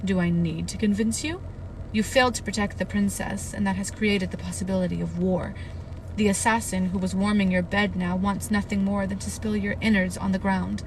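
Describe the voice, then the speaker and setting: A woman's voice: mid-range voice, steady tone, brisk, darkish tone, recorded from a distance, slight background noise, natural voice, rough recording. Woman reading as a cruel, cold noble father. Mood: contemptuous. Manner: taunting, contemptuous.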